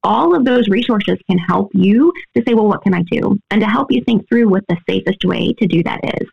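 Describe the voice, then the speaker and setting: Woman, interview guest, earnest explainer, fry in the voice, muffled recording. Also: medium pitch, animated, a little fast. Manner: earnest, explanatory, often adds "right?". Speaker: guest expert. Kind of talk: interview answers.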